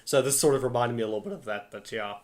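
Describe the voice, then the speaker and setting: A man's voice: medium pitch, very fast. A man co-hosting a podcast, casually retelling film scenes with lots of fillers and little acted-out bits. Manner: rambling, many fillers, acts out scenes. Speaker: podcast co-host.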